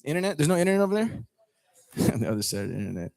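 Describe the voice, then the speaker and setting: A man's voice: a little high, very animated, racing, gravelly, a little mellow. A man hosting an open mic comedy night, bantering playfully with the crowd on a lounge stage mic. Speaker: host.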